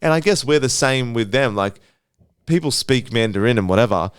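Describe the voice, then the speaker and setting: Male podcast co-host, rapid-fire talker, clear tone, dry close sound. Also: medium pitch, animated, no room sound. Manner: rapid-fire storytelling, talks like a machine gun. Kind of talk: casual chat.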